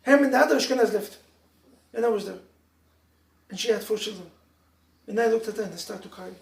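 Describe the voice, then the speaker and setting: Animated rabbi preaching in an echoey room. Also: male voice, sits high, fast, creaky. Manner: animated storytelling with laughs and sudden loud emphasis. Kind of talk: sermon to a live audience. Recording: echoey room, mic from far off.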